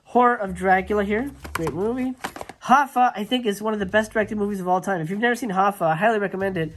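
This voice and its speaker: A man's voice: high-pitched, quick pace, a bit bright, slight background noise. A man hosting a casual video tour of his movie collection, talking enthusiastically and rambling with lots of fillers and restarts. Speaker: YouTube host. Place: home movie room.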